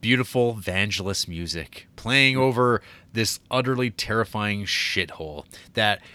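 A man's voice: lowish voice, a little slow, sharp tone, dry recording. A man co-hosting a podcast, chatting casually about a movie and rambling with lots of fillers. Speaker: podcast co-host.

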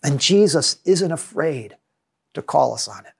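A man preaching a sermon as a pastor, measured and earnest, reading passages aloud. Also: fairly high pitch, animated, vocal fry, husky.

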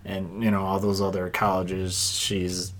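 A man with a somewhat low voice recounts details in a relaxed, conversational manner. He co-hosts a casual political chat. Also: unhurried.

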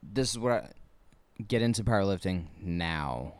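A man's voice: low voice, lively intonation, normal speed, clean tone, no echo. A man in his twenties, a podcast co-host, talking in a laid-back, dry way. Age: 20s. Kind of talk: casual chat.

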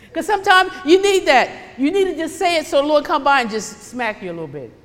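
A woman preaching a sermon, emphatic and animated, swinging between loud bursts and hushed asides. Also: high voice, fast, hardly any pauses, big-room sound.

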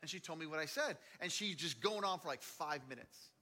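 A man preaching a sermon as a pastor, telling stories animatedly, swinging between loud and hushed delivery. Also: fairly high pitch, expressive, fairly quick. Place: large church auditorium. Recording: long hall reverb.

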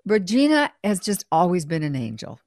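Woman, TV interview host, lowish voice, halting speech full of restarts, dry close sound. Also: big pitch swings, darkish tone, no echo. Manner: halting, with frequent restarts and fillers. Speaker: TV show host. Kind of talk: conversational interview.

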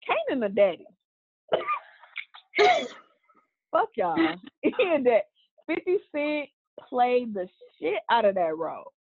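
Animated woman with a husky voice. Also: a little high, slow, pauses often, no echo. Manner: animated, gushing, swears freely. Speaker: podcast co-host. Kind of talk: casual chat. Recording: tinny phone-like line.

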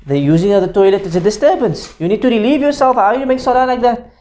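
This male teacher speaks fast, with a high pitch and a somewhat dark tone. Leading a religious lesson, he explains each idea, repeats it, and regularly asks whether students have understood, mixing in Arabic expressions.

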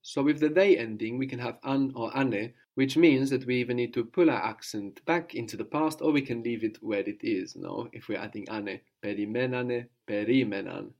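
A man with a mid-pitched voice gives a language lesson. He explains the grammar patiently, one step at a time, and keeps stopping to prompt his student for the next answer. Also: normal speed, hardly any pauses, darkish tone, dull audio. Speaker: language teacher.

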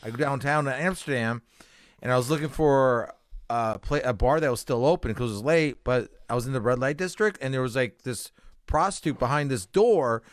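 A man's voice: mid-range voice, brisk, no room sound, studio quality. A man telling a story on a casual talk show, swearing freely and acting out the voices of people in it. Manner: profane, animated, acts out voices in his stories. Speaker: guest.

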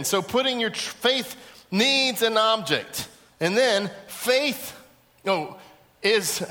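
A middle-aged male pastor preaches with a bright, forceful tone and a voice pitched a touch above the usual for a man. He drives his points home by repeating them and acting out small everyday scenes. His voice rings with the long reverb of a big hall. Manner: animated storytelling, acting out little scenes and repeating key points. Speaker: pastor teaching a Bible lesson. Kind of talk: sermon to a live group. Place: large room with a seated audience.

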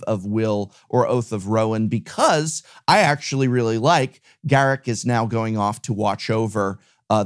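A man co-hosting a casual chat, speaking in an opinionated, expressive way with frequent hesitations. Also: lowish voice. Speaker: co-host.

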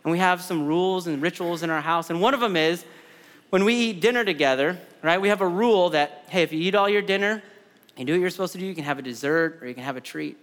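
A man's voice: high-pitched, quick pace, fairly bright tone, big-room sound. A man in his thirties preaching a sermon in a conversational way, repeating words and adding side stories. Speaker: pastor.

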